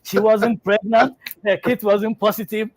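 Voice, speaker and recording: A man's voice: high voice, flat delivery, a little slow, dry recording. A man hosting a health show, telling a lab prank story with many fillers and then reading out test result guidance.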